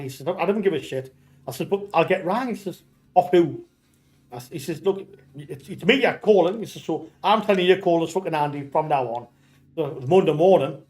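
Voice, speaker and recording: A man's voice: a little high, a little fast, a little mellow. Rambling Geordie man telling stories. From North East England. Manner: rambling storyteller, many restarts, swears freely. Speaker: streamer. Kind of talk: casual chat while gaming.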